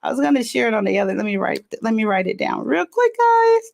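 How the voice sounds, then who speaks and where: A middle-aged woman hosts a casual livestream from her home in California, chatting live with viewers. Her fairly high voice is fast and sing-song, darkish in tone with vocal fry. She rambles from topic to topic and answers comments from viewers.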